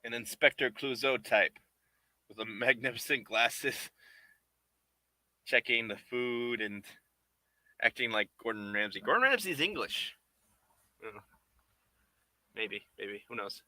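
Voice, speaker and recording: Bright, playful man chatting while he works. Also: mid-range voice, expressive, a little slow, long pauses, no echo. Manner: rambling and playful, chuckling often. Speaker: puppet maker streaming live. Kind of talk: casual chat while working.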